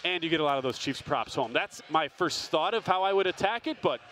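A man hosting a sports betting show, giving casual analysis and rattling off stats and picks in quick lists. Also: a little high, expressive, a bit bright.

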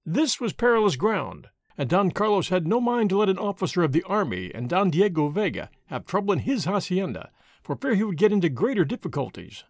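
A man narrating a classic novel in a measured storytelling manner. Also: high voice, very animated, no room sound, clean studio sound. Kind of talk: audiobook narration.

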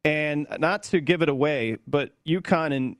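Slightly high-voiced male co-host, dry sound. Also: dry recording. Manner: brisk, tosses lines and questions to his partner. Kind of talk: sports betting talk show chat.

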